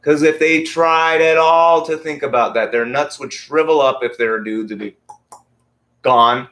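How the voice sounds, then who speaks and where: A man's voice: a little high, steady tone, unhurried, fairly bright tone. A man in his forties hosting a podcast, ranting casually and heatedly with lots of swearing. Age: 40s. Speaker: podcast host. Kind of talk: casual rant.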